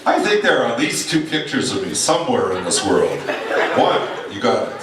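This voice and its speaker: A man's voice: mid-range voice, big pitch swings, brisk, heavy background noise. A man at a reunion, reminiscing about his school days in a wry, self-mocking speech. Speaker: reunion speaker sharing memories. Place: large echoey hall at a reunion. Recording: echoey hall, distant mic, crowd.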